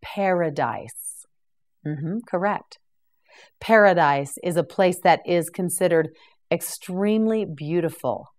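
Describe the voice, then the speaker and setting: Slow, patient woman teaching English words. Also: low-pitched. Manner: patient, repeats each word slowly, gently praises. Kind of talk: slow, clear pronunciation drill.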